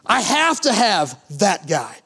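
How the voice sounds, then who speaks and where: A man with a high voice preaches an animated sermon. He reads old-fashioned scripture aloud and keeps asking the congregation questions as he goes. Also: takes it slowly, breathy edge. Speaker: pastor.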